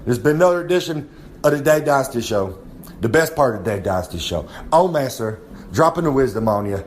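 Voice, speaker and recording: A man's voice: mid-range voice, animated, brisk. Male wrestler type, cocky drawling braggart, slight room noise. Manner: swaggering, rambling, drawling brag. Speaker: wrestler giving a comic segment. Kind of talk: boastful in-character monologue.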